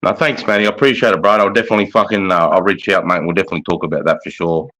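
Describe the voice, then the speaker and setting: A man's voice: low voice, fairly even intonation, rapid-fire, bright, forceful tone, rough recording. An Australian man hosting a livestream chat, laid-back, matey and swearing freely. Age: adult with a young son. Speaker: livestream host.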